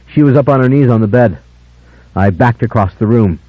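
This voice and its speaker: A man narrating an unabridged audiobook in a measured, dramatic first-person style. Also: medium pitch, no echo. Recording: dull lo-fi older audiobook, dry.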